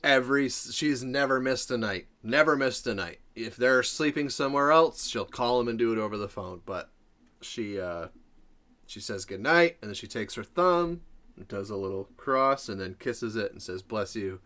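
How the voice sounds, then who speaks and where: A man's voice: medium pitch, lively intonation, moderate pace, fairly bright tone. A middle-aged man hosting a reaction video, talking earnestly about family. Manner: earnest, heartfelt ranting. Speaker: reaction channel host. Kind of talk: casual reaction commentary.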